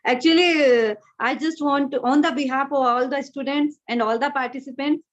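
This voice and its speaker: A woman's voice: sits high, steady tone, fairly quick. A young woman student giving an earnest, formal thank-you speech on a video call. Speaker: student speaker. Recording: dull video-call audio.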